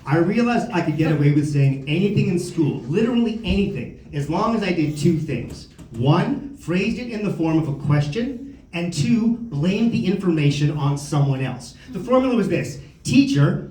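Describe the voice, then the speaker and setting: A man performing stand-up with a high, lively voice that jumps all over the place. He is heard from a distance in an echoey club room. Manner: animated, switches into silly voices for characters. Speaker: amateur stand-up comedian. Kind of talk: stand-up comedy set. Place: comedy club stage. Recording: roomy club sound from a distance.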